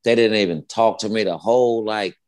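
Fifties male guest, low-pitched, salty and fired-up anecdote teller. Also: fairly quick, a little mellow. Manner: profane, heated, repetitive storytelling. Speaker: guest, former basketball player. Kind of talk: casual storytelling interview.

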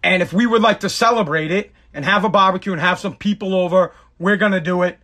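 A man's voice: high voice, fast talker, bright, forceful tone. A man giving a sarcastic political rant to camera, mocking people by putting on exaggerated voices.

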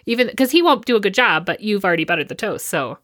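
Female podcast co-host, bright tone, friendly and chatty. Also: medium pitch, very animated, quick pace. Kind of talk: casual chat.

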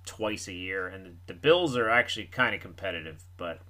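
A man hosting a sports podcast, chatting casually with quick wry asides. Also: sits low, animated, bright, forceful tone. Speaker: podcast host. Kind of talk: casual chat.

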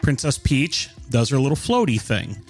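A man chatting eagerly on a casual podcast, with quick, jokey asides. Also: mid-range voice, very animated, faint music behind. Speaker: podcast co-host or guest. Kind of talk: casual chat.

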